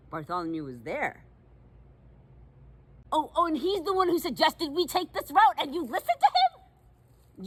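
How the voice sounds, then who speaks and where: A woman's voice: medium pitch, a bit bright, husky, exaggerated voice. A woman playing a bossy young milkmaid turned fae in a one-sided comedy sketch, talking in mock-archaic, huffy, self-important tones.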